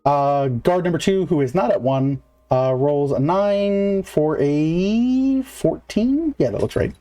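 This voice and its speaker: A man's voice: on the high side, animated, slow, mellow. A man narrating as game master in a casual, filler-heavy way, counting moves aloud.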